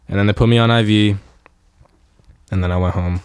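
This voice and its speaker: A man's voice: fairly low pitch, steady tone, quick pace, long pauses, clear, resonant tone, dry recording. A young man co-hosting a podcast, telling stories in a loose, profane, casual chat. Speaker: podcast co-host.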